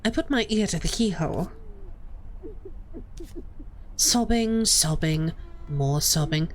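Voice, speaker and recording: A woman's voice: on the low side, expressive, slow, a little hiss or hum. A young woman streamer, chatty, reading game text aloud and talking to viewers. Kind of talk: casual game playthrough narration.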